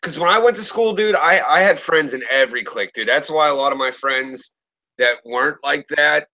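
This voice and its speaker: A man in his thirties tells a story in loose, casual conversation. His voice is bright and forceful, and his speech is full of profanity. He acts out the lines of each person he quotes. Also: fairly high pitch, fairly quick, lo-fi sound. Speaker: podcast host.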